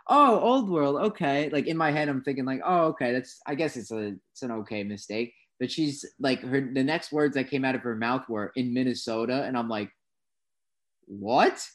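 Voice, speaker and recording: Animated young man telling stories. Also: mid-range voice, moderate pace. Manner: animated storytelling, voices his own reactions loudly. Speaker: co-host. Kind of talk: casual podcast chat.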